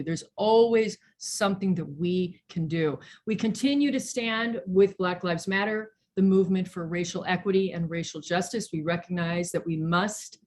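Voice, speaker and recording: Woman pastor, online service, video call audio, encouraging, repeats phrases. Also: fairly low pitch. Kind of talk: online church service talk.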